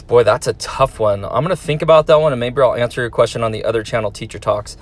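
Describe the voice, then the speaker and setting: Teacher-type host, male, reads comments, friendly and upbeat, mid pitch. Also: brisk. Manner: friendly, encouraging, talks to kids. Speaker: teacher and YouTube host reading viewer comments. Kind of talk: casual chat reading comments aloud.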